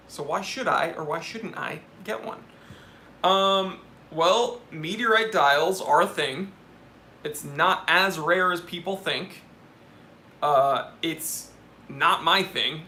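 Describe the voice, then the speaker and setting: A man's voice: on the high side, slow, sharp tone, slight background noise. A young man hosting a live watch Q&A stream, reading viewer questions and giving candid, joking opinions.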